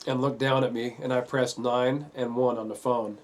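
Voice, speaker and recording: A man earnestly telling a painful family story in a halting way, full of fillers. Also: medium pitch, fairly even intonation. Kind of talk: personal testimony.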